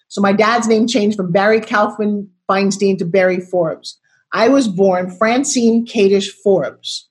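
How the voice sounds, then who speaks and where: A woman in her sixties, a guest on a video call interview, telling her story in an expressive, dramatic way. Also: medium pitch, a little slow.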